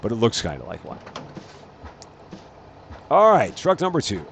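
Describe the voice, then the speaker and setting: A man's voice: mid-range voice, wildly swooping pitch, measured pace, gravelly, a little hiss or hum. A man hosting a let's-play, chatting casually and narrating each task aloud, often correcting himself. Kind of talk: casual gameplay commentary.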